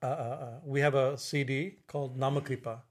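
A middle-aged man giving an informal religious talk as a spiritual teacher, halting, with many fillers and restarts, often asking "right?". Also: medium pitch, steady tone.

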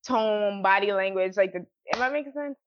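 A woman's voice: medium pitch, a little fast, no room sound, muffled recording. A woman co-hosting a podcast, playful and giggly in casual chat. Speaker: podcast co-host.

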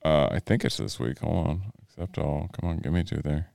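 A man's voice: very deep voice, brisk, vocal fry, a little mellow, dry recording, clean studio sound. A man co-hosting a podcast in casual chat, loose and profane, joking around. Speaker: podcast co-host.

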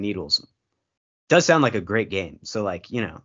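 A man's voice: on the low side, lively intonation, slow pace, pauses often, a bit bright. Sarcastic man on a lo-fi podcast. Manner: sarcastic, dry jokes, many ums. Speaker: podcast co-host. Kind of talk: casual comedic chat. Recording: dull lo-fi podcast audio.

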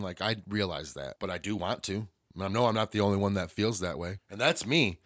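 A man's voice: lowish voice, sharp tone, no room sound, clean studio sound. Blunt, swearing man ranting. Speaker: podcast host. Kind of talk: casual ranting monologue. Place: small home studio.

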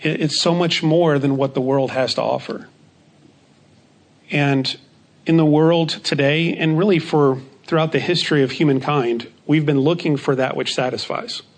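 A man teaching a Bible study lesson in a measured way, repeating key phrases for emphasis. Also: on the high side, fairly even intonation.

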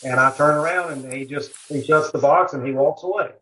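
A man's voice: fairly high pitch, fairly quick, pushed and bright. A man, a guest on a barbecue podcast, telling a rambling story in a casual interview, full of fillers and asides. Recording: dull lo-fi audio.

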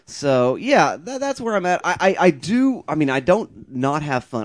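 A man's voice: a little high, sing-song, moderate pace. A man co-hosting a movie podcast, giving a hedging, thoughtful opinion in casual chat. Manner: thoughtful, hedging, self-aware. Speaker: podcast co-host.

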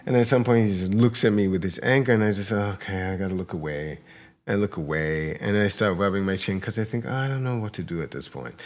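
A man's voice: fairly low pitch, fast, darkish tone. A man co-hosting a podcast, animatedly retelling a dispute with a neighbor and acting out both sides. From New York area. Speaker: podcast co-host. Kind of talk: storytelling in casual chat.

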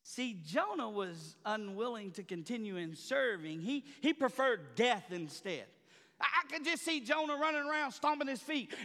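A man preaching a sermon as pastor, swinging from quiet murmurs to loud, high shouting in a dramatic, colloquial preaching style. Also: lively intonation, moderate pace, big-room sound.

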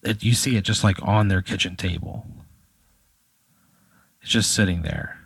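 A man's voice: low voice, unhurried, vocal fry, breathy edge, no echo. A man casually spinning an improvised scenario, rambling with lots of fillers and laughing at his own jokes. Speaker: host running an improvised scenario.

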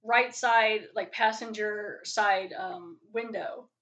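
A woman's voice: medium pitch, steady tone, slow pace, a bit bright. A woman hosting a podcast, chatting casually through an episode review in a rambling way, full of "like" fillers, on a poor home mic. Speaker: podcast host.

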